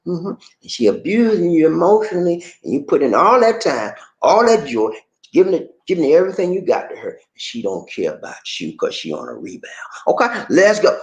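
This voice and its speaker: A man host giving casual relationship advice, animated and repetitive, talking straight to the viewer. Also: a little high, brisk, roomy sound, poor audio.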